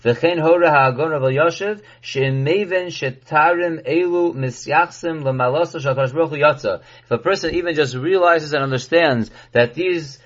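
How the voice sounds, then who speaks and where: A rabbi giving a recorded Torah class, reading Hebrew text and explaining it in English. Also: male voice, a little high, normal speed, hardly any pauses. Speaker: rabbi teaching halacha. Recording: dull lo-fi recording.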